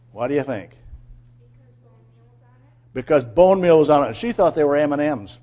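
A man telling a personal moral story in an animated way, asking his listeners questions and acting out quotes. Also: a little high, moderate pace, pauses often, dull audio. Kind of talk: storytelling sermon.

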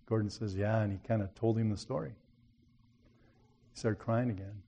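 A man delivering a sermon in a low, mellow voice, with a warm and unhurried tone. He tells his story in a plain, folksy way. Now and then he builds to an emphatic appeal to his listeners. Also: fairly even intonation, creaky, breathy edge, highs cut off. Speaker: preacher.

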